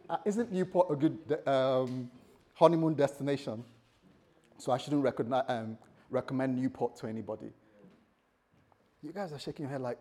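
A man's voice: a little high, moderate pace, pauses often, a little mellow, breathy edge. A man preaching a sermon as a pastor, conversational and jokey, often laughing at himself.

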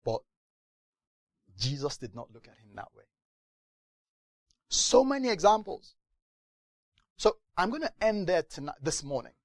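A man's voice: on the high side, measured pace, pauses often, no echo. A man preaching a sermon, telling stories animatedly and acting out voices. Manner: animated storytelling with acted voices.

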